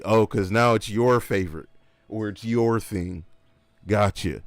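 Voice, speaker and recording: A man's voice: lowish voice, unhurried, no room sound. A man streaming a game who chats casually and rants with emphasis, full of slang and repeated asides. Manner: animated, emphatic ranting with slang. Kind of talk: casual livestream chat.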